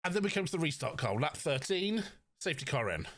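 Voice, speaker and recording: A man with a Cornish accent co-hosting a podcast, chatting through a race weekend with fillers and quick explanations. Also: a little high, very animated, a bit bright, no echo, studio quality. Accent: Cornish English. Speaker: podcast co-host. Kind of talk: casual race recap chat.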